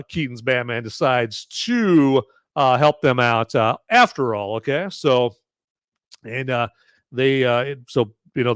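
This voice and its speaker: A man's voice: on the high side, clean tone, no room sound, clean studio sound. A man from the United States hosting a live movie review podcast, rambling in casual chat with lots of fillers and restarts. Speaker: podcast host.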